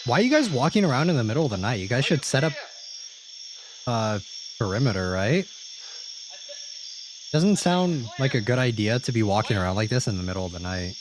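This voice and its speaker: A man's voice: medium pitch, big pitch swings, fairly quick, long pauses, background noise. A man streaming a horror video reaction, commenting casually, joking with chat and swearing freely.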